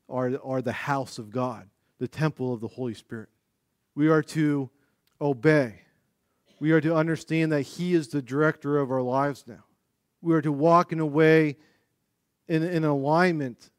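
A male pastor preaching a sermon, moving from calm teaching into animated, demonstrative storytelling. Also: medium pitch, dry recording, clean studio sound.

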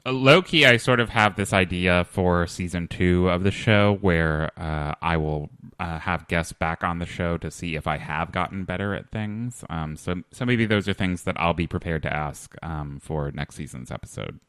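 Man, podcast host, very low voice, forceful tone, dry close sound, hesitant dry humor. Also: moderate pace, hardly any pauses, smooth, no echo. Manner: hesitant, many fillers, dry comic delivery. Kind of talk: comedic podcast chat.

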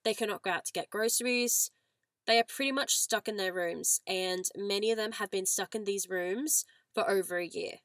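A woman's voice: mid-range voice, a bit bright. An Australian woman in her twenties or thirties hosts a casual podcast, talking earnestly and a little ranty. A cold has made her voice nasal, and the sound is dry and close, with no room echo. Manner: earnest, chatty, ranting. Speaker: podcast host.

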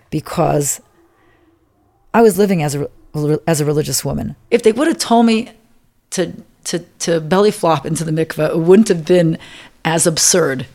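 A middle-aged woman telling a personal story in a halting, emotional way, often repeating herself. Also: deep voice, darkish tone. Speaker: interviewee. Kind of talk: personal testimony.

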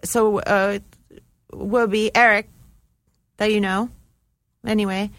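A woman's voice: medium pitch, flat delivery, slow, no echo. A woman from New Jersey, a guest chatting in a laid-back way and telling stories. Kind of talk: casual storytelling.

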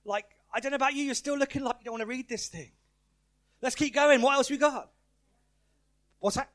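A man preaching a lively, playful family-service sermon in church, asking the congregation questions and calling out their answers. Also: very high voice, a little fast.

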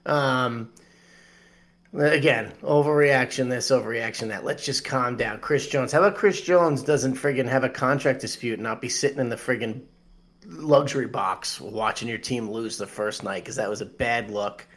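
Excitable ranting man, sports banter. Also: mid-range voice, moderate pace. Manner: ranting, swears freely, excitable. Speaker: podcast co-host. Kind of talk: casual sports chat.

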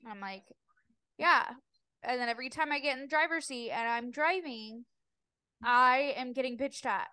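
Laid-back young woman, quick quips. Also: sits high, sharp tone, smooth, dry recording, clean studio sound. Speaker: podcast co-host. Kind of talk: casual chat.

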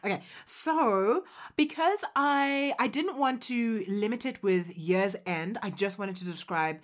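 A woman talking in a relaxed podcast conversation, animated and reflective. She laughs easily and speaks at a middle pitch. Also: a little slow. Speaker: podcast co-host. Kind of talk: casual chat.

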